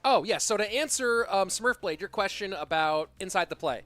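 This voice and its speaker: A man casting a live game tournament, calling plays excitedly and chatting with viewers in between. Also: sits high, normal speed. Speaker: esports caster. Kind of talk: live game commentary with chat. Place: Austin, Texas.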